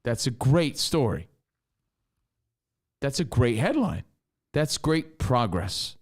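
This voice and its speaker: A man co-hosting a podcast, talking in an animated, opinionated casual way. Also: mid-range voice, slow pace. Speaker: podcast co-host. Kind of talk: casual chat.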